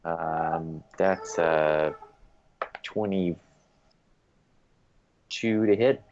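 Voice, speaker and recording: A man playing a tabletop game, calling out rolls and damage hesitantly with many pauses and ums. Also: rumbling low. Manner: hesitant, full of ums while tallying dice. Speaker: player. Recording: dull lo-fi mic with faint noise.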